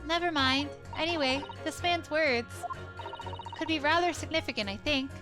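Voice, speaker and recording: A prim and refined young lady assistant, as a woman puts her on, polite and formal in every phrase. Her voice is pitched very high, and game music plays behind her. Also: normal speed, lightly acted.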